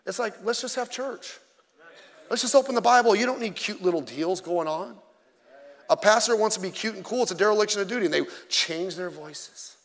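A man's voice: high voice, fairly bright tone, long reverb tail. A male pastor preaching a sermon in an emphatic, conversational way, mixing in self-deprecating jokes.

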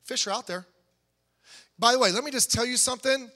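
A man preaching a sermon in a conversational, animated way, building to emphatic peaks. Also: very high voice, a little fast. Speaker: pastor. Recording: long hall reverb.

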